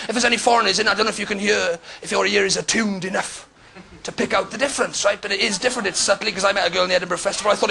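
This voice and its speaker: Ranting Welsh comedian with a gravelly edge. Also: male voice, high voice, pushed and bright. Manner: exasperated, ranting, mock-indignant. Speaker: stand-up comedian. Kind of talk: stand-up comedy set. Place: comedy club stage. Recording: live club set with crowd laughter.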